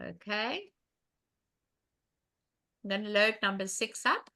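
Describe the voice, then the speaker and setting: A woman's voice: mid-range voice, expressive, slow, bright, forceful tone. A woman teaching a live online bridge lesson, walking through a hand in a chatty way and asking the class questions as she goes.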